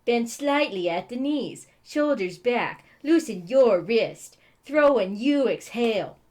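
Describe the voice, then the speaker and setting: A woman voicing a calm young female assassin giving quiet instructions. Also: a little high, takes it slowly, voice pushed up. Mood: instructive.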